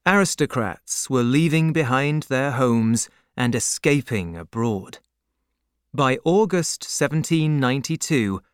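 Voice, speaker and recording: A man reading a novel aloud in a measured, expressive narration. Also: mid-range voice, smooth, dry recording, clean studio sound. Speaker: audiobook narrator. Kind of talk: scripted narration.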